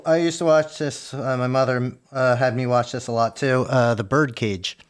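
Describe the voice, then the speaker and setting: A man co-hosting a podcast in casual chat, often pausing and searching for words. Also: medium pitch, fairly even intonation, clean tone. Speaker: podcast co-host.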